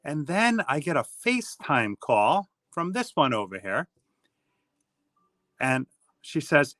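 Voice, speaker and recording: High, bright-voiced man telling stories. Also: slow pace, pauses often, no room sound. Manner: animated storyteller, laughs often. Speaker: co-host reading viewer comments. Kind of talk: casual live-stream chat.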